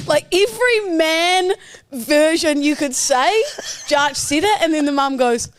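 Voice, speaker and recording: A woman's voice: sits high, animated, a little slow, dry recording. A young woman co-hosting a podcast, telling a story in a loose, sweary chat full of laughter. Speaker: podcast co-host. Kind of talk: casual chat.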